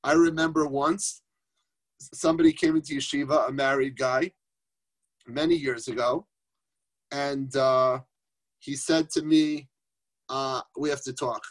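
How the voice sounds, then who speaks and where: A man's voice: mid-range voice, fairly even intonation, measured pace, pauses often. A man teaching Torah informally on a group phone call, conversational, asking rhetorical questions and mixing in Yiddish and Hebrew terms.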